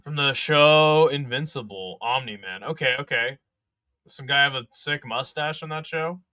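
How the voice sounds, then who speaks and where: A man's voice: mid-range voice, moderate pace, pushed and bright, no room sound, studio quality. A young man hosting a casual live fight companion stream, chatting with viewers between calls of the action and swearing freely. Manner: chatty, swears, reads chat aloud.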